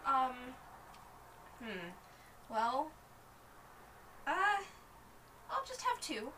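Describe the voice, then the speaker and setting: A woman's voice: sits high, huge pitch swings, drawn-out words, sharp tone, a little hiss or hum, heavily acted, poor audio. A woman playing a shy, overly polite young half-orc paladin who hesitates and stammers, in an improvised tabletop game. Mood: flustered. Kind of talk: improvised tabletop role-play.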